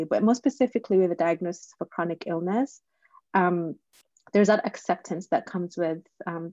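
A woman host with a lowish voice works her way slowly toward a question, pausing on fillers. Her audio is dull and lo-fi, and it is dry with no room sound. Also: a little mellow, no room sound. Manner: thoughtful, winds into long questions with fillers. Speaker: podcast host. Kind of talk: conversational discussion.

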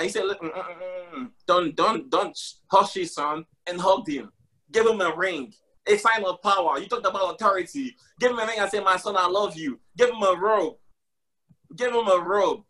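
High, bright-voiced emphatic male preacher. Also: breathy edge. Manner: emphatic, repeats key phrases, calls out "y'all". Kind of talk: impassioned live preaching.

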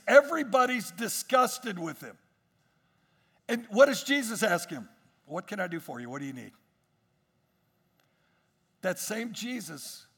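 Gravelly high-voiced male preacher. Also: fairly bright tone, in a large hall. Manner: preaching with emphatic rises, many repeated phrases and restarts. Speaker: pastor. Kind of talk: sermon.

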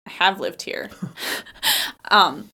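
Earnest woman with a creaky voice. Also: on the low side, lively intonation, slow pace, bright, forceful tone. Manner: earnest, talks with many fillers and restarts. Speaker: political candidate. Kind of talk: casual interview.

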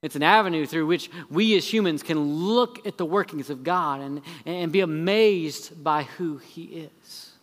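A man preaching from the pulpit. His voice sits a bit higher than most men's and rings with a long church-hall reverb. He races through sarcastic lists, then slows and drops low for the main points. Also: fairly bright tone. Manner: heavy sarcasm with quick repeated phrases. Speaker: pastor. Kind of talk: sermon. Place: church sanctuary.

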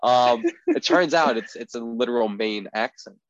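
A man's voice: medium pitch, animated, moderate pace, no echo. A young man co-hosting a podcast, talking in a casual, rambling way with lots of filler words. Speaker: podcast co-host. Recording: dry, slightly dull podcast audio.

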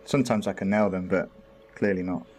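A man's voice: deep voice, fairly quick, a little mellow. A man chatting as a podcast guest, playful and laughing a lot. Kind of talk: casual chat among friends.

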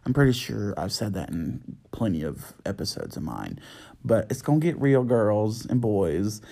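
A man's voice: lowish voice, normal speed, vocal fry. Young guy podcasting solo, sassy and chatty, voice swoops all over. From United States. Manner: sassy, chatty, animated, lots of fillers. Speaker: podcast host. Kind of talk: casual solo podcast chat. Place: at home at night.

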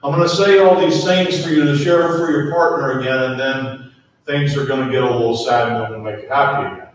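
A man preaching a sermon as pastor, slow and emphatic, repeatedly asking the congregation to speak to their neighbors. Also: mid-range voice, fairly even intonation, a little hiss or hum. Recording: echoey hall, mic at a distance.

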